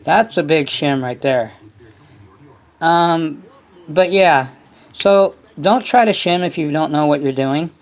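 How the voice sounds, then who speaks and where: A man's voice: a little high, takes it slowly. A man hosting a hobby channel, giving a casual, rambling workshop explanation full of fillers. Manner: rambling, loose, many fillers.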